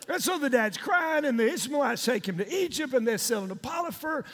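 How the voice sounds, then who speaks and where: A pastor preaching in a large church hall, with long reverb ringing after his words. His voice is very high and lively, bouncing up and down as he jokes and tells the story in slang. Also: fairly quick, hardly any pauses. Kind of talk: sermon retelling a story.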